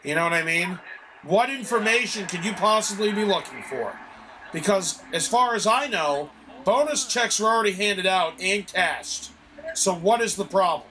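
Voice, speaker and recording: A man chatting casually with a friend while playing a video game, telling an animated story full of swearing. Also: sits high, normal speed, a little hiss or hum. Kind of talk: casual chat.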